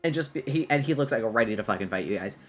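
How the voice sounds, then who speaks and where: A game master narrating a tabletop role-playing game in an animated way, with fillers and frequent laughs. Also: medium pitch, very fast, music in the background.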